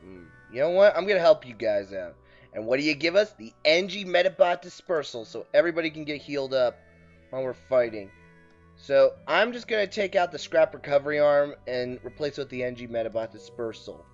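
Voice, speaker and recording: A man giving casual, jokey commentary while he plays a game, prone to loud bursts of frustration. His voice sits on the high side and jumps around a lot. The sound is muffled, with soft music in the background. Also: fairly quick. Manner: excitable, jokey, outbursts of frustration. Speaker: let's play host.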